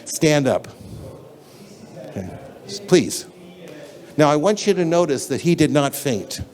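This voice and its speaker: A man's voice: fairly high pitch, very animated, a little slow, darkish tone. A man giving a conference lecture in a lecture hall, talking in an emphatic, blunt and conversational way, addressing the audience directly.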